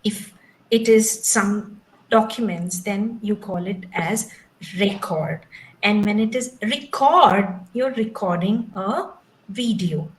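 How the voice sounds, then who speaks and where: A woman leads an online training session over a video call. She speaks slowly and patiently, explaining each step. English is not her first language, and her pitch sits in the middle range. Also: a little hiss or hum, rough recording. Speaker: trainer teaching English pronunciation.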